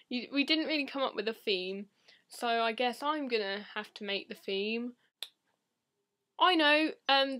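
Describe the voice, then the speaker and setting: A teenage woman vlogging casually to camera in a deadpan, rambling, silly way. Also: fairly high pitch.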